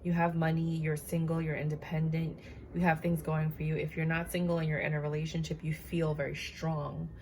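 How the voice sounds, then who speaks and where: A woman's voice: low voice, level tone, brisk, darkish tone, a little hiss or hum. A woman giving a casual, chatty tarot reading to her viewers, tired and yawning, with many fillers and asides. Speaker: tarot reader.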